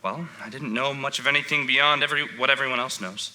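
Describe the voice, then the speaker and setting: A man's voice: medium pitch, fast, pushed and bright, a little hiss or hum. A young actor playing an earnest, slightly pompous young man in a stage musical. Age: young adult. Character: earnest young man, son of a dragon slayer.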